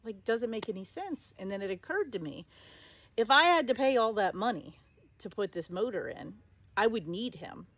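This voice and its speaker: A woman's voice: mid-range voice, lively intonation, normal speed, a bit bright, dry recording, lo-fi sound. A middle-aged woman hosting her own show, telling a personal story in a casual, sassy and sarcastic way. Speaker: show host.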